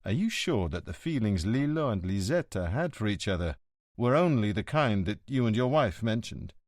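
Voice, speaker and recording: A man voicing a calm, direct middle-aged police inspector who speaks in a level, plain-spoken way. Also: lowish voice, moderate pace, no room sound, clean studio sound.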